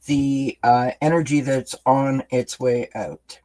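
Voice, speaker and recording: Man, tarot reader, live stream chat, rambling, frequent restarts, mid pitch. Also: steady tone, slow pace, few pauses, mellow, a little hiss or hum, rough recording. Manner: rambling and chatty, with many restarts; talks directly to viewers as friends.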